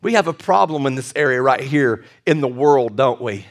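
A male pastor preaching a lively sermon with jokey asides and repeated restarts. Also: mid-range voice, normal speed.

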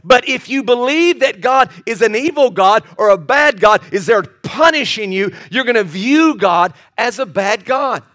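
A man's voice: extremely high pitch, animated, unhurried, hardly any pauses, a bit bright. A middle-aged male pastor preaching a sermon, impassioned, often restarting and repeating words and asking the congregation questions.

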